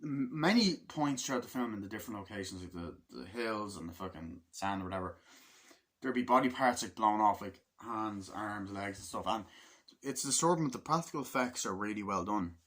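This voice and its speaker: A man's voice: lowish voice, animated, fairly quick, a bit bright. A man casually reviewing a film in a rambling, filler-heavy way, swearing often and acting out lines from the movie.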